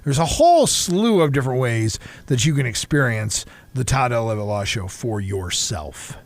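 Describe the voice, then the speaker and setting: A man co-hosting a radio talk show, chatting casually and dropping low and quiet to tell a joke. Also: big pitch swings, moderate pace, no echo. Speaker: radio co-host.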